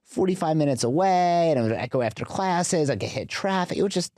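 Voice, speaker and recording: A man's voice: a little high, a little fast, no room sound, studio quality. A man as a podcast guest, telling a story in a casual, chatty way with lots of fillers. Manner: chatty, filler-heavy, animated retelling.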